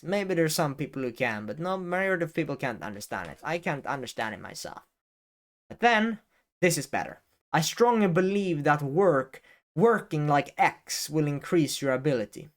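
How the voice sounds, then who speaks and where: A young YouTuber with a smooth, mid-range voice talks casually to camera, giving advice. He rambles, full of fillers and restarts, and lets slip the odd swear word.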